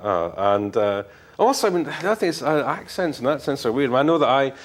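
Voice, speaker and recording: A man's voice: medium pitch, very animated, fairly quick. A middle-aged Scottish man, an author being interviewed, talking frankly in a rambling way with many fillers and restarts. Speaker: author guest. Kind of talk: casual interview talk.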